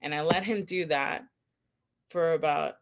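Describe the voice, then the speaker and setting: A woman's voice: low voice, steady tone, unhurried. A woman co-hosting a podcast, telling a story in a chatty, candid way, full of "like" fillers and self-mocking asides. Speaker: podcast co-host. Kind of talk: casual storytelling chat.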